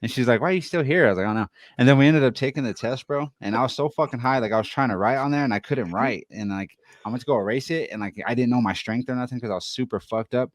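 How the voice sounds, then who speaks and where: Fast-talking, profane young man from Denver. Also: medium pitch, dry recording, studio quality. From Denver, USA. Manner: rambling, profane, laughs through stories. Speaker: podcast co-host. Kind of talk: casual storytelling chat.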